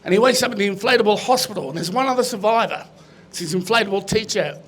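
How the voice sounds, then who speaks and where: A man's voice: sits high, expressive, fast talker, a bit bright, a little hiss or hum. A man, a guest comedian, telling jokes on stage in a loose storytelling way. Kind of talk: stand-up joke telling.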